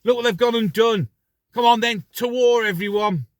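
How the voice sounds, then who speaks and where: A man doing a pushy government warmonger, mocked in a voice far higher than his own. The voice is sneering and overblown, with a sharp, smug lift, and it is recorded dry and close. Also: moderate pace, dry recording. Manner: high-pitched, sneering, overblown.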